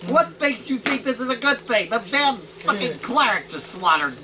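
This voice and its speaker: A man squeaking as panicky little kobolds. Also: very animated, normal speed, distant mic, crowd noise, close to an everyday voice. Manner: whiny, panicky. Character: panicky small flying kobolds. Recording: noisy home recording.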